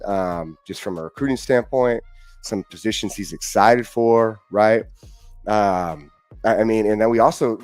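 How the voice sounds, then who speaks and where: A man's voice: on the low side, a little mellow, no echo. A man from the Northwest hosting a casual, upbeat live sports stream, greeting viewers in the chat and repeating himself often. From Washington state, US. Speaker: livestream host.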